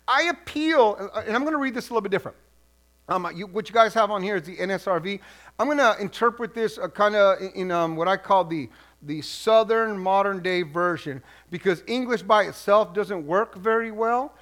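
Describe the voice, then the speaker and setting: Bright-voiced, high-pitched male preacher. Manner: animated, conversational, repeats words as he restarts phrases. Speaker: pastor. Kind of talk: sermon.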